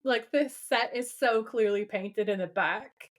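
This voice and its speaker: A woman co-hosting a podcast in casual chat, animated and often laughing as she retells scenes. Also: a little high, unhurried. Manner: animated, laughing while reading lines aloud. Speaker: podcast co-host.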